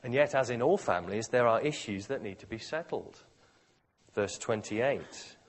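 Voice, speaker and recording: A man preaching a sermon, dramatically shifting between quiet, slow phrases and loud, forceful ones. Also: medium pitch, animated.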